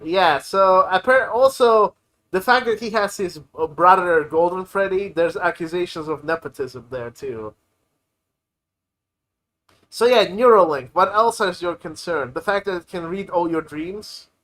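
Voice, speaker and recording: High, bright-voiced jokey man. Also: a little slow. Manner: jokey, chiming in with quips. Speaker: stream co-host. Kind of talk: casual live-stream chat.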